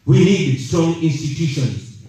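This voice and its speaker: A Ugandan man delivers a rallying speech with firm emphasis, pausing between phrases and repeating his key points. His voice sits a little high for a man. It rings through a very echoey room and is heard from some distance from the mic. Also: expressive, mellow. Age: 30s. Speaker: political speaker.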